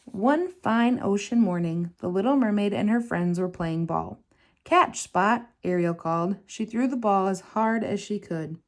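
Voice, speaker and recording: A woman tutor reads a children's picture book aloud with an expressive storytelling lilt. Her voice sits at an ordinary middle pitch and rises brightly when characters speak. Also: moderate pace, few pauses. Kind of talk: children's read-aloud narration.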